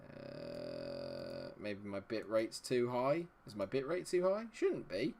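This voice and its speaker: A man's voice: fairly low pitch, big pitch swings, slow, vocal fry, a little mellow, slightly rough. A man live-streaming a game, chatting with his viewers and muttering to himself while he checks settings. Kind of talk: live-stream commentary talking to chat.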